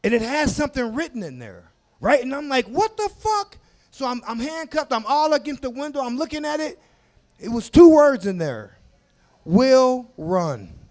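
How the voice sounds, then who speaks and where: On a comedy club stage, a stand-up comedian in his forties tells crude stories a little fast, his very high voice swinging widely in pitch. He talks loudly into a handheld mic, animated, shouting his punchlines and asides.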